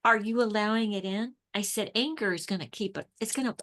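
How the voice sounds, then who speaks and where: A woman's voice: medium pitch, fairly quick, a bit bright. Chatty woman telling spiritual anecdotes. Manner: enthusiastic storyteller, acts out quoted exchanges, repeats and restarts words. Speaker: author and intuition coach, guest. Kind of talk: casual spiritual interview chat.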